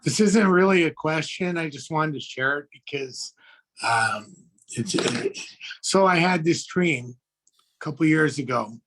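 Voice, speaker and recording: A man in an online class telling a personal story, halting and searching for words, heard over a video call. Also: a little high, fairly bright tone. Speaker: class participant. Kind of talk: casual sharing.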